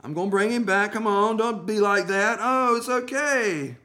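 A pastor voicing Jesus as a gently reassuring man with a Southern American accent. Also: sits high, moderate pace, voice pushed up. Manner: soothing, coaxing.

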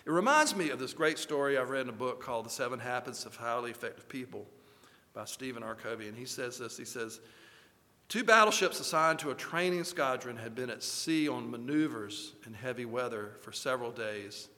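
A man's voice: medium pitch, a little fast, bright, forceful tone, in a large hall. A man preaching a sermon as pastor, telling stories and acting out voices with rising force.

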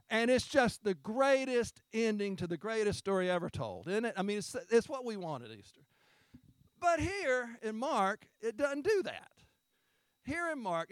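A man preaching a conversational Easter sermon as a pastor, retelling scripture in a folksy, chatty way. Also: sits high.

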